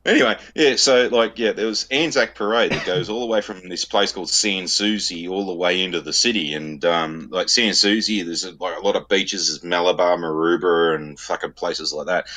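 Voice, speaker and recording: A man's voice: low-pitched, moderate pace, few pauses, sharp tone. A man with an Australian accent, telling crude stories in a casual podcast chat, swearing freely and laughing at his own jokes. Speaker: podcast co-host. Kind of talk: casual storytelling banter.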